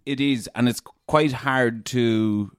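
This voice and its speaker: A man's voice: mid-range voice, steady tone, slow, smooth, no room sound, studio quality. A man from Leitrim, a radio presenter speaking frankly and colloquially as an interview guest. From Ireland, Leitrim. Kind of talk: casual conversational interview.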